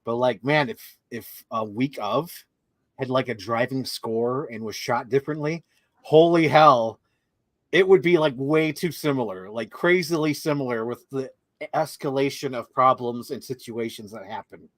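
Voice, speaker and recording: A man co-hosting a casual movie chat, animated, laughing often and acting out lines he quotes. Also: medium pitch, normal speed, dry recording. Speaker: co-host.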